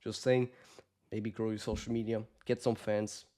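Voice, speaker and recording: Man, dark mellow tone, blunt fight-coach talk, frequent swearing. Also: fairly low pitch, flat delivery, moderate pace. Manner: blunt, swears often, calls listener brother; acts out quoted lines of fighters. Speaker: combat sports coach. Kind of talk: casual advice talk to camera.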